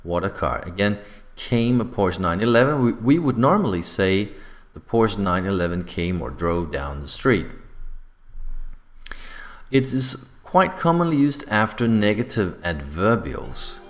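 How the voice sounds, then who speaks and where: A man teaching an English grammar lesson in a clear, deliberate way, slowing down to read out example sentences. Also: sits low, very animated.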